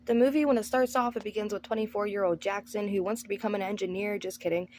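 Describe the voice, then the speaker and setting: A woman's voice: mid-range voice, steady tone, quick pace, darkish tone, a little hiss or hum. A woman hosting a movie review channel, giving a casual, sarcastic recap of a film. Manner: sarcastic, breezy, acts out characters' lines.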